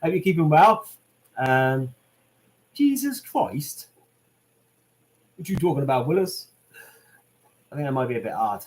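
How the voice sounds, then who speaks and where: A man's voice: mid-range voice, animated, fairly quick, pauses often. A British man hosting a live question-and-answer stream, reading viewer comments aloud and chatting casually. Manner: chatty, reads out viewer comments, lots of "um" and "mate". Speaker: channel host answering live chat.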